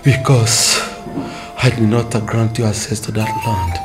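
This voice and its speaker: Older man doing a solemn nigerian dad saying goodbye, low voice, music behind. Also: fairly even intonation, a little slow, lightly acted. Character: dying older father, devout Christian.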